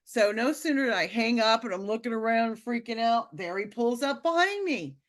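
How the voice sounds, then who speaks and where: A woman telling a personal story in a casual, animated way, with lots of fillers and restarts. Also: fairly high pitch, moderate pace. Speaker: speaker sharing a personal testimony.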